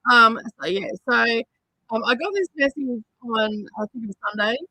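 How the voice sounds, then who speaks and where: A woman's voice: fairly high pitch, moderate pace, pushed and bright, no room sound, rough recording. A woman hosting a crafting livestream, chatting casually and rambling with many fillers. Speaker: livestream host. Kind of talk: casual chat while crafting. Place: home craft studio.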